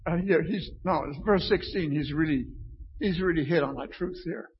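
Male preacher, high husky voice, slow and unhurried, conversational sermon with scripture reading, dull lo-fi recording. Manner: conversational, often asks "right?" of the listeners.

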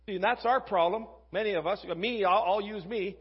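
A man's voice: sits high, brisk, few pauses, husky, highs cut off. A man preaching a casual, conversational sermon, reading scripture and acting out quoted voices.

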